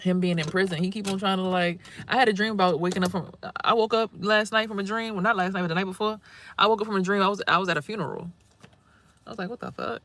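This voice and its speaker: Animated, swearing woman vlogging outdoors. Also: mid-range voice, quick pace. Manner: animated, swearing, exclaims loudly at things she sees. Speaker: spiritual vlogger and reader. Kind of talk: casual rambling vlog. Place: outdoors near trees.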